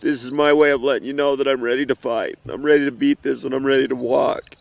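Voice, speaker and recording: A middle-aged father, emotional and earnest, speaking haltingly outdoors in the mountains in a heartfelt message to his children. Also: medium pitch, steady tone, creaky, dry recording. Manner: earnest, halting, with pauses and restarts.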